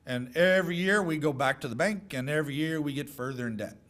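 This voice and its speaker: A middle-aged man giving a folksy, joking speech of advice to high school seniors. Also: quick pace, a bit bright. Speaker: guest speaker.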